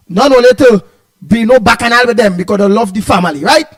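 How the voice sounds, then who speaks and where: A man's voice: high voice, fast. A man with a Trinidadian accent hosting an online talk show, greeting viewers by name in rambling, repetitive, teasing live-stream chat. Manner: rambling and repetitive, stumbling over words; playful, teasing banter.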